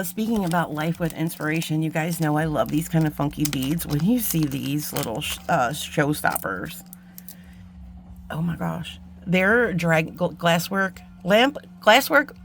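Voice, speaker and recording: A woman's voice: lowish voice, creaky, a little hiss or hum. A woman hosting a jewelry-making channel, chatting casually and gushing as she unboxes beads, with frequent ums and gasps.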